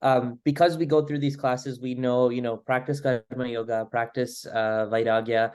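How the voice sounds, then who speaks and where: A man's voice: medium pitch, little pitch movement, normal speed, darkish tone, smooth. Hesitant man asking a question in class. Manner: hesitant, many fillers. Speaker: class participant.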